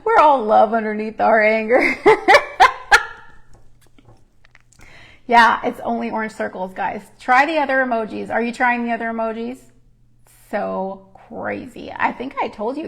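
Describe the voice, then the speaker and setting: A woman's voice: fairly high pitch, fairly even intonation, moderate pace, vocal fry, a bit bright. A woman hosting a live stream as a numerologist and intuitive counselor, chatting casually with viewers, laughing often and rambling into asides. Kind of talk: casual livestream chat to viewers.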